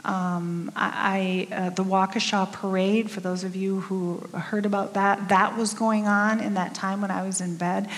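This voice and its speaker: A woman's voice: mid-range voice, flat delivery, a little slow, hardly any pauses. Chatty middle-aged woman preaching in a hall. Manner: candid, chatty, self-deprecating with frequent fillers. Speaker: church speaker. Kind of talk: conversational sermon. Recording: long reverb of a large hall.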